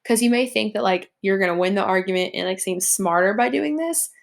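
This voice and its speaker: A woman's voice: mid-range voice, a little fast, gravelly. A young woman, teaching a recorded lesson in a chatty way, with many "like" and "um" fillers. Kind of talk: recorded classroom lecture over slides.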